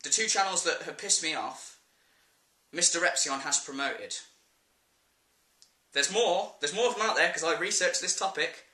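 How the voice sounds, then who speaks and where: A man's voice: on the high side, moderate pace, pauses often, pushed and bright, roomy sound. A man with an English accent ranting in a vlog, blunt and sweary with an exasperated edge. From England. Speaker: vlogger.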